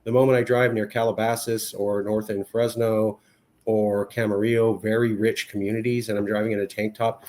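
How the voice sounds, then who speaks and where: A man's voice: fairly low pitch, little pitch movement, normal speed, darkish tone. Impassioned man arguing a point. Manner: impassioned, emphatic, repeats points for force. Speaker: podcast guest, movement advocate. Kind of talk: heated conversational argument.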